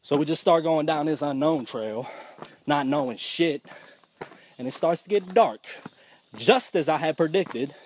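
Young dude cussing through a funny story up on a mountain, highish voice, bit of hiss. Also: male voice, a little slow, pauses often. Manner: profane, animated and loose. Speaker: comedian telling a story. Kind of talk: comic storytelling monologue. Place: outdoors on a mountain.

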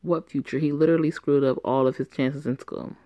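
A woman's voice: low-pitched, steady tone, a little fast, dark tone, no room sound, close to an everyday voice. A woman voicing a tomboyish teenage girl who speaks in a blunt, defiant way. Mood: earnest.

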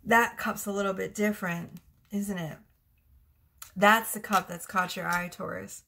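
A woman's voice: medium pitch, steady tone, measured pace, creaky, sharp tone, slight background noise. A woman giving a casual tarot reading to camera, chatty and frank, often laughing. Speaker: tarot reader.

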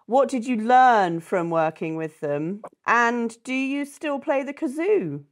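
A woman's voice: a little high, animated, slow pace. A woman hosting an interview, introducing her guest and asking questions in an enthusiastic, chatty way. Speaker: interviewer, festival host.

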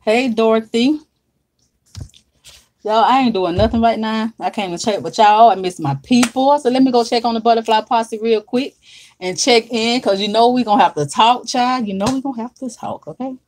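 A woman's voice: a little high, normal speed, a little mellow, slight background noise. A woman hosting a casual livestream from her makeup desk at home, chatty and drawling as she greets viewers by name.

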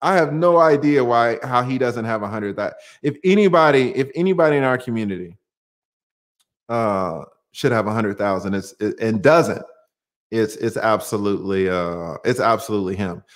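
A man hosting a casual livestream, talking in an animated, rambling way with many restarts. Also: fairly low pitch, moderate pace. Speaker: livestream host.

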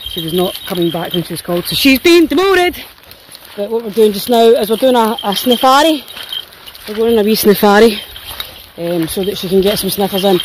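A woman's voice: a little high, noisy background. A Scottish woman walking dogs through a wet forest, chatting casually and playfully to her phone and the dogs, with the odd swear. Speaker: dog walker. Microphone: handheld phone while walking.

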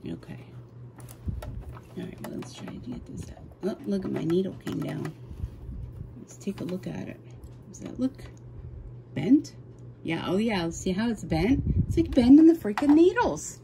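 Working at her machine, this woman gives viewers a casual how-to chat in a lowish, gravelly, expressive voice, unhurried and full of pauses, sounding flustered and apologetic. She's an embroidery vlogger in her home sewing room with the window open and a ceiling fan going. Background noise comes through because only the camera mic is recording.

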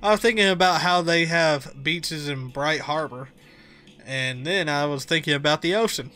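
Spacey young guy voiced by a game streamer, slow dreamy drawl, bright voice, faint music behind. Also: mid-range voice, clear, resonant tone, voice pushed down, natural voice.

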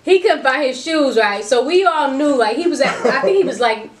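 A woman recounting a childhood story in a loose, animated way, laughing often as she goes. Her voice sits a little high, and it rings around an echoey room with a faint hiss behind it. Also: normal speed. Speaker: co-host. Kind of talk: casual chat.

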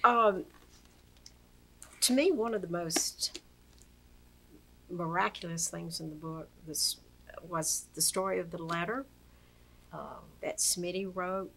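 Woman interviewer, lower-pitched, encouraging. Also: slow, vocal fry, long pauses, pushed and bright, slight background noise, rough recording. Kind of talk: interview questions and brief responses.

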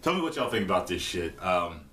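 A man's voice: sits low, very animated, fairly quick, sharp tone, reverberant. A young man in a casual vlog, retelling stories with lots of swearing and quoted voices. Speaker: vlogger. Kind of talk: casual storytelling monologue.

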